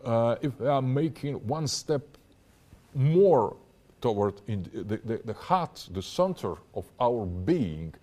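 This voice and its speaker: A man's voice: medium pitch, animated, darkish tone. A man giving a long answer in an interview, lecturing step by step and often stopping to search for words. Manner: halting, searching for words with frequent restarts; lecturing, building an argument step by step. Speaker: interview guest. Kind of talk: interview, extended explanation.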